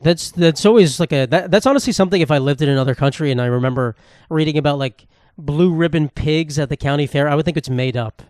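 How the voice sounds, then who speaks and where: A man's voice: on the high side, quick pace, hardly any pauses, a little mellow, no room sound, clean studio sound. Rambling, profane young man. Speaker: podcast host. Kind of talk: casual solo podcast monologue.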